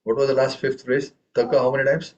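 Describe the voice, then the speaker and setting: Man, tabla teacher, patient, chants syllables, mid pitch, muffled recording. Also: flat delivery, fast talker, a little mellow. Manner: patient, repeats "okay" and "right?", chants syllables aloud. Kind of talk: classroom music lesson. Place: room with students.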